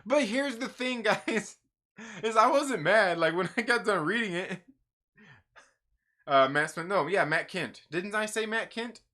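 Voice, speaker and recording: A man's voice: sits high, expressive, unhurried, sharp tone. A man hosting a live stream and reviewing comic books in casual, rambling, profane chat, laughing often.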